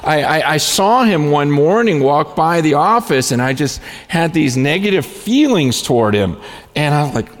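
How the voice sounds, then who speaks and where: A man preaching as a pastor, telling stories in an animated way with frequent restarts and stammers. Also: a little high, normal speed, big-room sound. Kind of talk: storytelling sermon.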